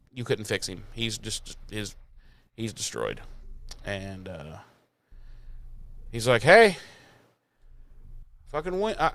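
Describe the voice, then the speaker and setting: A man's voice: a little high, pushed and bright, dry recording. A man hosting a podcast, recapping an episode in a rambling, sarcastic and profane casual chat. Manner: rambling, sarcastic, swears freely. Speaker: podcast host.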